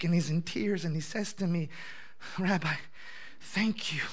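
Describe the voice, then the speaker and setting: A man preaching as a messianic rabbi tells a story in a chatty, animated way and laughs often. His voice sits high and has a gravelly edge. The tone is sharp and very bright. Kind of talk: storytelling sermon.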